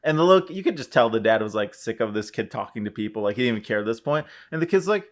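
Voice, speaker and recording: This is a podcast co-host chatting with friends, a man whose voice swoops up and down as he tells a story. He acts out the people he quotes in a much higher voice and laughs through his own punchlines. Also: animated, very fast. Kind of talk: casual chat.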